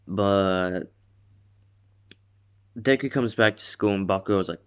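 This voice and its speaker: A young man drifts through a homemade story in his room. His voice is low and smooth. He is slow and unhurried, and he keeps restarting and filling gaps. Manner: rambling, many fillers and self-corrections. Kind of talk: casual spoken fan story.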